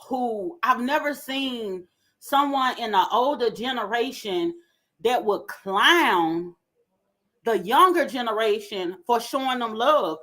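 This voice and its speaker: A woman giving an animated, opinionated commentary rant with lots of slang. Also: on the high side. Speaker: commentary vlogger.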